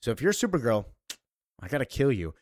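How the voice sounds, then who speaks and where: A man's voice: medium pitch, very animated, fairly quick, darkish tone, lightly acted. A man reading the lines of a blunt, vengeful gunman from a comic. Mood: menacing. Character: vengeful gunman, adult male, blunt and menacing.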